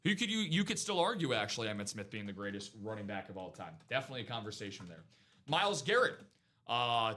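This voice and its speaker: A man's voice: mid-range voice, a bit bright. A man hosting a live sports card break, chatting casually about football and hyping deals to viewers in an upbeat way. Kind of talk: casual sports chat and sales pitch.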